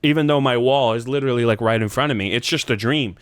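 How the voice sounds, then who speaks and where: Smooth-voiced man rambling through a story. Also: fast talker. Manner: rambling, profane, laughs often, jumps up in pitch for quoted lines. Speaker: podcast host. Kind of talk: casual chat, telling a dream story.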